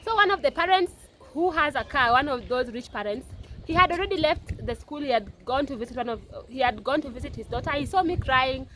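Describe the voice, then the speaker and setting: High-voiced Kenyan woman telling a story. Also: lively intonation, a little fast, bright, forceful tone. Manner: emotional, repetitive, circling back. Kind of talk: personal storytelling. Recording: noisy background with passing vehicles.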